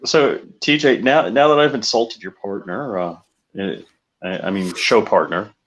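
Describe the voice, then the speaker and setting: A man's voice: on the low side, measured pace. A man co-hosting a casual chat who teases and laughs often while asking questions. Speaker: co-host.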